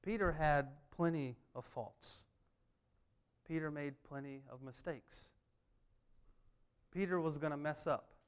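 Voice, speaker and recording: A man's voice: on the high side, slow, pauses often, clear, resonant tone. Emphatic man preaching. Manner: emphatic preaching with repeated refrains. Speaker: pastor. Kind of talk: sermon.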